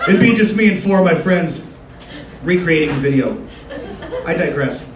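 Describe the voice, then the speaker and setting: Young male stand-up comic, high-pitched, crude and rambling, roomy live club audio with crowd noise. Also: a little fast, recorded from a distance. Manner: crude, rambling, conversational, swears a lot. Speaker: stand-up comedian. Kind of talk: stand-up comedy set. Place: live comedy club stage with audience. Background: audience laughter.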